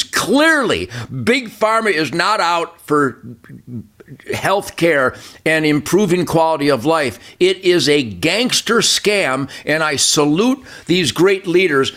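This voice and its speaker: A man's voice: fairly high pitch, fairly bright tone. An older man hosting a political talk show, ranting fiery and emphatic, with lots of repetition. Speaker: show host.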